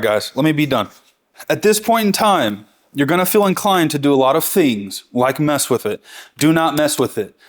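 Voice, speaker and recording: Chatty, enthusiastic man teaching barbecue. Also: medium pitch. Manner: enthusiastic, chatty, self-correcting. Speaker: barbecue instructor. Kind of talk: real-time cooking tutorial.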